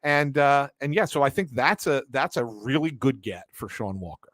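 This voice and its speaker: A man co-hosting a sports podcast in an ordinary mid-range voice. He talks in an analytical way, thinking out loud as he builds his points. The sound is dry and close, with no room echo. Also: medium pitch, moderate pace. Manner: analytical, explains at length with many fillers and restarts. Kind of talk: casual sports talk show.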